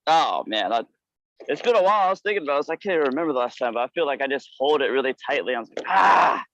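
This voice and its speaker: A man calling in to a live comedy show on a headset, telling a reckless work story in an excitable, casual way. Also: medium pitch, dry recording, low-quality recording. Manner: fast, excitable anecdote telling. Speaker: caller.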